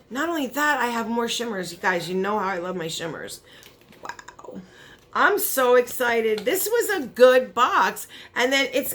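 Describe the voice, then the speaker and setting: A woman beauty vlogger talks through a surprise gift box in a casual, chatty way. Her voice is bright and forward as she gushes with excitement over each item. Between items she turns soft and sincere, thanking her viewers. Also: medium pitch. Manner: gushing, excited, chatty with many fillers. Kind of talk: casual unboxing vlog.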